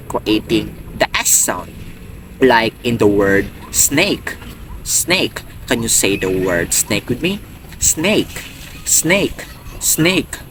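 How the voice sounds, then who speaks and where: A man giving an educational lecture on speech sounds, repeating words slowly for the listener to copy and rephrasing his points. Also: mid-range voice, background noise. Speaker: presenter explaining phonology.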